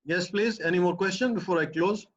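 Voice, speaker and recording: Answering a student, a professor with a Pakistani English accent gives an academic explanation, stressing his point and repeating phrases over and over. He talks a little fast in a high voice, and the audio is muffled and lo-fi.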